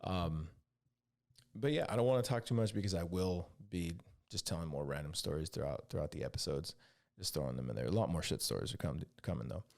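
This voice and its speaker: A man speaks fairly quickly in a low-pitched voice with vocal fry, hosting a podcast on his own. The California Army veteran rambles through casual, profane tales of his Army days, acting out others' lines in animated quoted dialogue.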